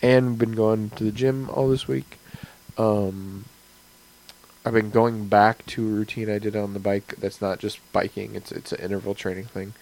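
This game master and podcast host has a lowish voice with vocal fry, a level tone and a somewhat dark color, speaking at normal speed. He wanders through talk about his game and his week, chatty and full of fillers, in relaxed podcast conversation captured on poor audio.

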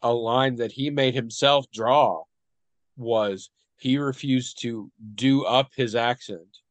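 A man's voice: mid-range voice, steady tone, slow pace, no echo. A man co-hosting a casual discussion, thoughtful and hesitant, often trailing off.

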